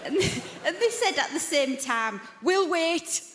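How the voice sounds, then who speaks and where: A woman doing stand-up comedy on a theatre stage, telling deadpan anecdotes about her partner. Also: high voice, moderate pace. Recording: echoey theatre hall with crowd noise.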